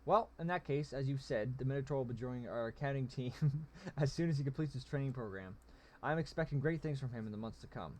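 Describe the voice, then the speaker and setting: A man's voice: medium pitch, lively intonation, fast talker, lightly acted. A man voicing a sly, mocking male goblin general who speaks in smug, pompous phrases. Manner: smug, teasing, pompous wording.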